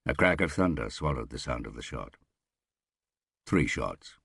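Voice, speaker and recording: A man reading a thriller audiobook aloud in a measured, unhurried way. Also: rumbling low, expressive, gravelly, fairly bright tone, breathy edge, no room sound, studio quality. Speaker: audiobook narrator. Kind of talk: scripted thriller narration.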